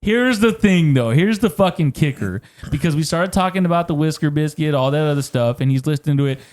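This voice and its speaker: A man's voice: on the high side, brisk. A man co-hosting a podcast, telling funny stories in casual chat, laughing often and swearing freely. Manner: animated storytelling, swears often, laughs a lot. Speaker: podcast co-host.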